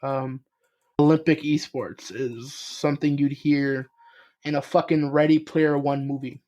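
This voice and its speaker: A young man chatting casually on a podcast, his voice sitting a bit high for a man. He rambles, circles back on himself and drops filler words and swears as he goes. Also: level tone, a little slow, a little mellow. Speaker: podcast co-host. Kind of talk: casual chat.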